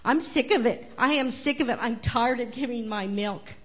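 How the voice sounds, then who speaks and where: A woman's voice: on the high side, moderate pace, lightly acted. A woman voicing a sassy nanny goat in a children's story, complaining about her lot.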